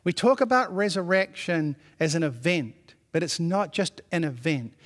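High-voiced preaching pastor in a hall. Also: male voice, animated, moderate pace. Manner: preaching with repeated declarations, reading scripture aloud. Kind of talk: sermon.

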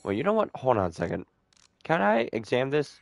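A young man giving casual let's-play commentary, joking, swearing a lot and letting out sudden loud whoops. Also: mid-range voice, wildly swooping pitch, brisk, gravelly, dry recording, lo-fi sound. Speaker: gameplay streamer.

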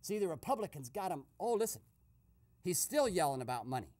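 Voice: medium pitch, sing-song, brisk, darkish tone, lightly acted. A performer playing a nosy male eavesdropper in a comic radio sketch, giving breathless running commentary and shushing constantly. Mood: gossipy.

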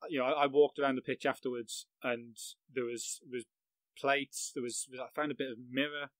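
A man's voice: medium pitch, flat delivery, moderate pace, dry recording, rough recording. A middle-aged man from England recounting a match he covered as a journalist, vivid and self-mocking, laughing at his own story. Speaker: football journalist, guest. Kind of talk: anecdotal storytelling on a podcast.

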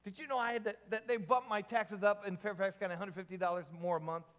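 A high-pitched man preaching to his congregation, throwing in jokes and asking them questions. His voice rings out with a long reverb in a church hall. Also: steady tone, quick pace, fairly bright tone, highs cut off. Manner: jokey, asks the congregation questions. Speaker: pastor. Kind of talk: sermon.

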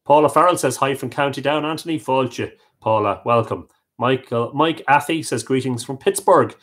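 A man's voice: medium pitch, moderate pace, a bit bright. A man with an Irish accent hosting a live stream, reading out viewer comments and welcoming each one by name with Irish greetings. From Ireland. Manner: friendly, reads names aloud and greets viewers with Irish phrases. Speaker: livestream host.

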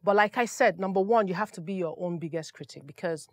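A woman, a sports presenter telling lively, self-deprecating stories in a roundtable discussion. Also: lowish voice, fast talker, no room sound. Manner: animated, self-deprecating storytelling.

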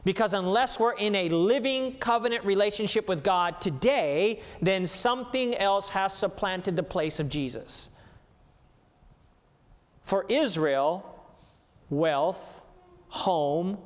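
A man preaching a sermon, emphatic and rising to a raised voice as he reads scripture. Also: high-pitched. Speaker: pastor. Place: church sanctuary. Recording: livestreamed church sermon with long hall reverb.

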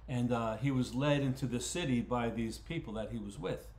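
A middle-pitched man teaches a relaxed Bible study, talking in a homespun, loose way. He often circles back on his words while he works out what to say next. The room around him rings with noticeable echo. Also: moderate pace, slight background noise. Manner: folksy, repeats words while thinking aloud. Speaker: pastor leading a Bible study. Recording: roomy echo.

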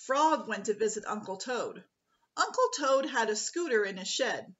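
A woman, a preschool teacher, reading a picture book aloud to children in a slow, expressive way. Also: a little high, highs cut off.

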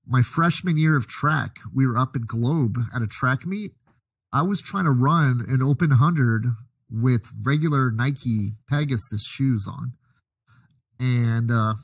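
A man co-hosting a podcast, telling a relaxed, easygoing anecdote. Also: mid-range voice, breathy edge, no room sound. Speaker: podcast co-host. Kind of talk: casual chat.

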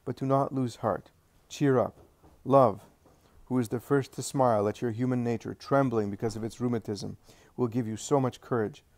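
Guy doing a kind calm teacher, dignified, dry close sound. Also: mid-range voice, normal speed, no room sound, natural voice. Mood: encouraging. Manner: gentle, calm, encouraging. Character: gentle, joyful male teacher, dignified.

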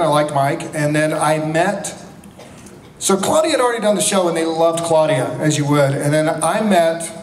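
A man in his fifties, a convention panel guest, telling animated, joking anecdotes full of restarts and laughter. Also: a little high, a little hiss or hum. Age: 50s. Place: large convention hall. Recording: echoey hall with crowd ambience.

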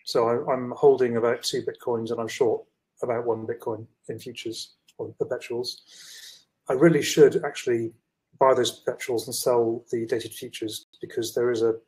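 A man's voice: medium pitch, a little mellow, poor audio. A man on a trading call, rambling through his positions with many hesitations and fillers. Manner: rambling, hesitant, self-deprecating. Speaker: guest trader. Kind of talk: casual chat on a call.

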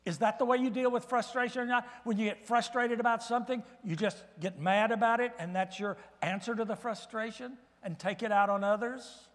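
An older man giving a guest sermon in a church, telling folksy stories with gentle humor. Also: very high voice, steady tone, fairly quick, few pauses, long reverb tail. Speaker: guest preacher. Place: church sanctuary.

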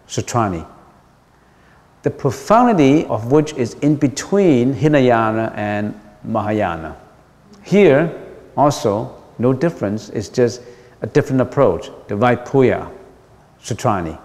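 A Buddhist monk gives a dharma lecture to his listeners, his pitch swinging widely as he poses questions and repeats key phrases for emphasis. He is a man with a mid-range voice. His words ring out with a long reverb, as in a large temple hall. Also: sing-song, slow, pauses often, a little mellow.

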